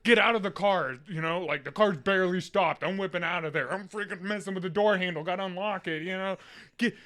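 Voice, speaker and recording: A man's voice: high-pitched, a little fast. A young man, a podcast co-host, telling a funny story in casual chat, laughing and acting out voices. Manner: animated, laughing storyteller acting out a kid's screams.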